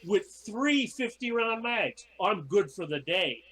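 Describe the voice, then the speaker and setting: A man's voice: high voice, very animated, slow pace, a bit bright, low-quality recording. A middle-aged man, a podcast guest, telling casual stories and acting out his own past lines. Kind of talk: casual storytelling.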